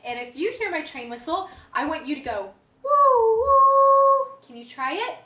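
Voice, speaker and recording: A woman's voice: sits high, animated, fairly quick, fairly bright tone. A young woman teaching a music and movement class to young children, playful and sing-song, singing often. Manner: sing-song, playful, many sung lines and vocal games. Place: indoor room, livestream. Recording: echoey room.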